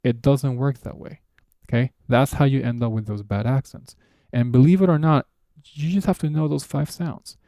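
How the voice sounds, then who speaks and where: A man's voice: mid-range voice, normal speed, warm tone, dry recording. A man teaching beginners in a patient way, repeating his points and exaggerating sounds to show them. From Spanish-speaking background. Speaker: language teacher. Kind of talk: explaining a lesson to beginners.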